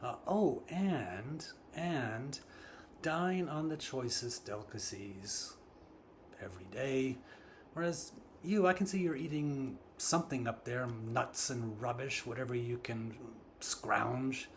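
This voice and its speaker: An arrogant human bragging about mastering the universe, as a man puts him on in a mid-pitched voice. He halts and restarts with fillers. A faint hum lies underneath. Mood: boastful. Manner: boastful, halting with fillers. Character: boastful, arrogant man who turns sheepish.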